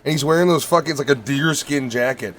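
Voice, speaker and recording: A man's voice: medium pitch, quick pace, fairly bright tone, a little hiss or hum. A man hosting a casual podcast, joking and ranting profanely about movies. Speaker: podcast host. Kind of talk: casual chat.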